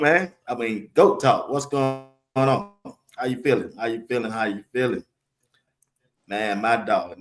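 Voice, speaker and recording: A man hosting a live sports talk stream, firing off casual shout-outs to the chat and laughing often. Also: fairly low pitch. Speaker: live show host.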